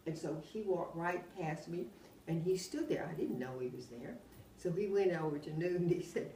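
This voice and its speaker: An older woman with a drawl spins long, winding anecdotes, her voice sitting a little low. She sounds set back from the mic in a roomy space, with a faint hum behind her. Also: moderate pace, recorded from a distance. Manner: rambling, animated, often laughing while telling anecdotes. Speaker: oral history interviewee. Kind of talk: casual storytelling.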